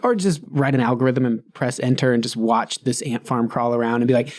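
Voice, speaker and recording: A man's voice: medium pitch, fairly quick. Laid-back male comedian guest. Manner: laid-back, laughs often, acts out quoted voices. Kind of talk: casual chat. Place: studio.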